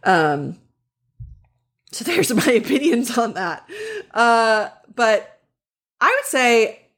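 A woman's voice: on the high side, sing-song, takes it slowly, a bit bright. A woman co-hosting a book podcast in casual chat, chatty and frank, with lots of fillers. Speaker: podcast co-host.

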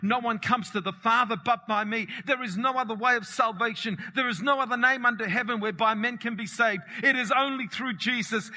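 A man preaching a fervent, emphatic sermon as pastor, swinging between shouts and quiet asides. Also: very high voice, brisk, hardly any pauses. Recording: long reverb of a hall.

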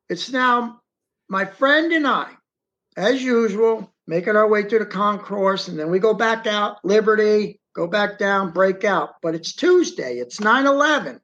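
A man's voice: sits high, fairly bright tone. A middle-aged man, an interview guest, telling a first-person story in a rambling, repetitive way and often slipping into the present tense. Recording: dull, muffled audio.

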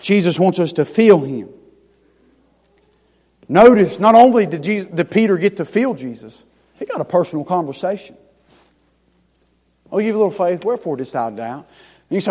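A man with a high voice preaches a sermon in a church sanctuary, and his words ring out with a long hall reverb. His phrasing is folksy and down-home. He falls to hushed, tender lines, then builds to loud, rising emphasis. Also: lively intonation, moderate pace, long pauses. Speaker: pastor.

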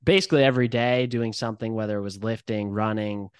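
A man's voice: lowish voice, fast talker, smooth, dry recording, studio quality. A young adult man co-hosting a podcast, chatting casually and thinking back on his college days, with lots of "like" and "um" fillers. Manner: relaxed and reflective, with many "like" and "um" fillers. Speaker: podcast co-host. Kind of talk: casual chat.

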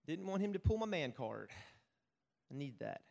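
A man's voice: a little high, sing-song, normal speed, creaky, mellow, in a large hall. A man preaching a sermon, mixing self-mocking stories with Bible reading and often asking "right?". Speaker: pastor.

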